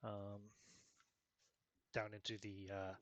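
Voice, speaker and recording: A man's voice: fairly low pitch, monotone, takes it slowly. A man running a tabletop game as game master, talking with frequent fillers and self-corrections.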